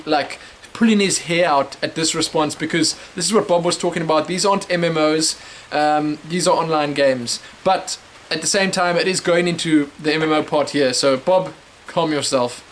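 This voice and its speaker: A man's voice: fairly high pitch, moderate pace, few pauses, a little hiss or hum. A young man from South Africa hosting a casual webcam show, answering viewer questions in a rambling, chatty way full of fillers and restarts. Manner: rambling, chatty, many fillers and self-corrections.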